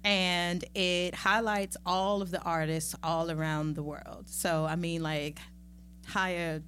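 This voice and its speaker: A middle-aged woman talking as a podcast guest in a casual, lively and playful way, with chatty asides. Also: lowish voice, slow, soft background music. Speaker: podcast guest, magazine founder. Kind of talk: casual conversational interview.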